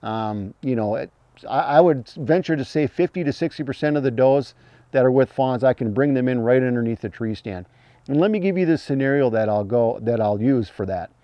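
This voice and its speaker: A man teaching hunting calls in a plain-spoken, folksy way, breaking into high imitated fawn cries as he explains. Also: brisk, dry recording, lo-fi sound. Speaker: hunting call instructor. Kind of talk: instructional talk.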